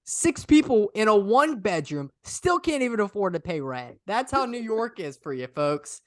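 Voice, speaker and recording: A man's voice: high voice, sing-song, normal speed, fairly bright tone, no room sound. A young man co-hosting a casual podcast, talking in loose, rambling bursts full of filler words. His voice sits close and dry, with no room sound around it. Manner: rambling, lots of filler "I mean" and "literally". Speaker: podcast co-host. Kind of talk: casual chat.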